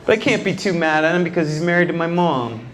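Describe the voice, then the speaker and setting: A male stand-up comedian with a fairly high voice, working a nightclub crowd through a handheld mic. He tells wry family stories and drops deadpan asides. Laughter from the audience rolls around him. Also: quick pace, noisy background. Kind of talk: stand-up routine. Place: nightclub stage before a live audience. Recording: live club with audience laughter.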